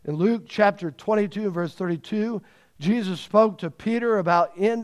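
Male preacher, high voice, emphatic sermon, repeats words for stress, loud then hushed. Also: measured pace. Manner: swings between loud and hushed delivery.

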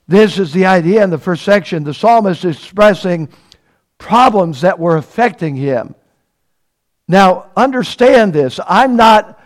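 Slow, emphatic high-voiced preacher man. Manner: emphatic, repeats key phrases, asks the congregation questions. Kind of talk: sermon.

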